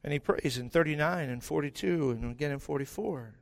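A male pastor preaching a sermon with emphatic delivery, dramatic pauses and quiet, intense stretches. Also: on the high side, creaky.

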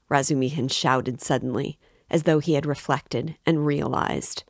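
A woman reading a classic novel aloud as an audiobook in a measured, even way. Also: low-pitched, gravelly, no room sound, clean studio sound. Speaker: audiobook reader. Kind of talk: literary audiobook narration.

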